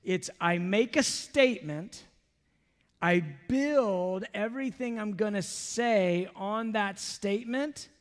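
A man's voice: high-pitched, takes it slowly. A man preaching a sermon as pastor, talking to the congregation in a loose, conversational way with casual asides. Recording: long echo from a large hall.

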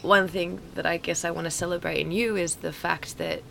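A woman hosting a casual podcast interview, hoarse from a cold, with a husky voice and an effusive manner. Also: on the low side, fairly even intonation, a little fast, a bit bright, a little hiss or hum. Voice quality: husky, gravelly voice. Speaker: podcast host.

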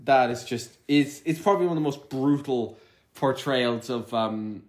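A man's voice: mid-range voice, normal speed, darkish tone. A man co-hosting a podcast, chatting casually about a movie in a rambling, profane way with many restarts. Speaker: podcast co-host. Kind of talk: casual movie-review chat. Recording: roomy echo.

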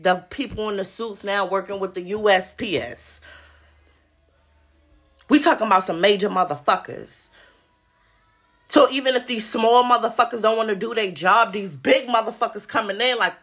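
A woman's voice: mid-range voice, moderate pace, a bit bright. Agitated, profane woman ranting solo. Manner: profane, agitated, addresses listeners directly. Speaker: podcast host. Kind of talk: solo podcast rant.

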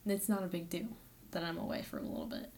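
A woman's voice: on the low side, wildly swooping pitch, quick pace, gravelly, darkish tone, a little hiss or hum. A young woman, a college student, talking casually on her own podcast, rambling with lots of fillers and corrections. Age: young adult. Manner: chatty, rambling, with many "like" fillers and self-corrections. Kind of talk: casual solo podcast monologue.

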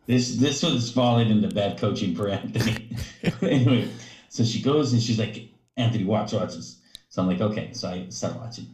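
Low-ish guy coach rambling thru a funny story, lots of ums, roomy echo. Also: expressive, normal speed, long pauses, darkish tone. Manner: rambling storyteller, many fillers, acts out quotes. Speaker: gymnastics coach, podcast co-host. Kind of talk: casual storytelling chat.

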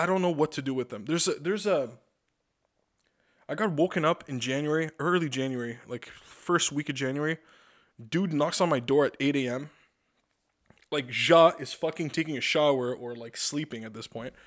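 A man's voice: on the high side, a bit bright. A man hosting a podcast, telling rambling, profane stories with lots of stammered restarts. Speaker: podcast host. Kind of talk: casual comedic monologue.

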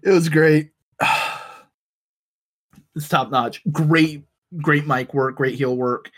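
Male co-host, a bit high-pitched, laid-back and wry in his recaps. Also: steady tone, takes it slowly. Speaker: podcast co-host. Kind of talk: casual chat.

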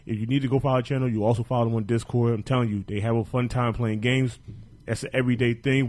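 A man running a podcast, plugging upcoming shows in a loose, joking way full of swearing. His voice sits at a middle pitch, and his delivery stays easygoing and chatty. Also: steady tone, quick pace, a little mellow. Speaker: podcast host. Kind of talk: casual podcast chat with show plugs.

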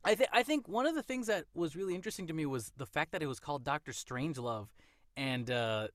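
A man co-hosting a casual movie chat, animated and playful, sometimes slipping into voices to retell scenes. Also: fairly high pitch, fast talker, no room sound, clean studio sound. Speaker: podcast co-host.

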